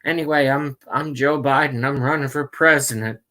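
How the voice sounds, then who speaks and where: A man's voice: medium pitch, fairly even intonation, bright, forceful tone, lightly acted. A man doing a comic impression of a confused, rambling elderly male politician. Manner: meandering, slow, free-associating.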